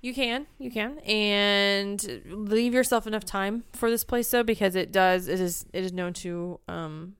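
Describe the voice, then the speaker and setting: A woman's voice: mid-range voice, fairly even intonation, measured pace, hardly any pauses, clean tone. A woman co-hosting a casual chat, teasing and laughing easily. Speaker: podcast co-host.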